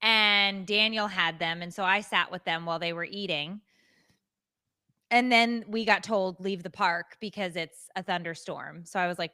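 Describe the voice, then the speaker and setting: A woman co-hosting a podcast, retelling a story in a casual, animated, self-mocking way. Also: medium pitch, normal speed, clear, resonant tone. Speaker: podcast co-host.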